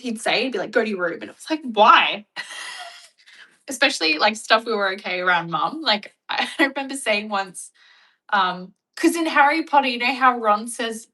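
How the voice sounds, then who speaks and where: A woman's voice: fairly high pitch, normal speed, far from the mic, poor audio. A woman, chatting casually with her audience and telling stories with lots of laughter. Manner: chatty, laughing, animated storytelling. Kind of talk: casual chat.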